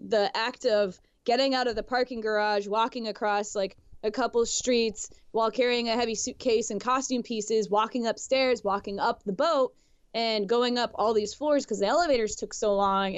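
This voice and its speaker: A woman's voice: fairly high pitch, moderate pace, smooth, dry recording. A woman chatting casually on a podcast, retelling stories with frequent laughter. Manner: laughs often, lively retelling. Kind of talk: casual chat. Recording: dull, dry lo-fi sound.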